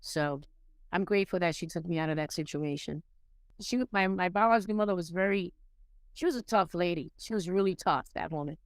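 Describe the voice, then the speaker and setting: A woman's voice: lowish voice, a little fast, dry recording. A woman from New York City, a podcast guest, candidly telling a personal recovery story with many restarts and repeated words. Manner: candid, emotional storytelling with frequent restarts and repetitions.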